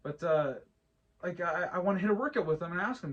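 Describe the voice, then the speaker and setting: A man's voice: high-pitched, expressive, fast talker, fairly bright tone, muffled recording. A man in his thirties co-hosting a casual podcast chat, rambling with lots of restarts and repeated words. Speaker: podcast co-host.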